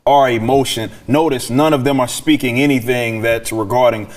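Male panel guest, fired up and passionate, with a medium pitch. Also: fairly even intonation, moderate pace. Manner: heated, passionate. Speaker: guest commentator. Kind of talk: talk show discussion.

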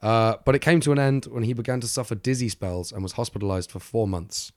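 A man's voice: mid-range voice, steady tone, fast talker, no echo, clean studio sound. A man co-hosting a true-crime podcast, telling the story in a chatty, laughing way with lots of fillers. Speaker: podcast co-host.

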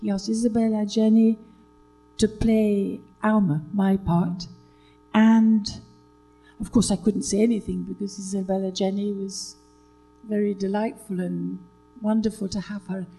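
An older British actress, a guest telling stories in a relaxed chat, hesitant with many fillers and restarts. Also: female voice, medium pitch, normal speed, husky, soft background music, poor audio. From Britain.

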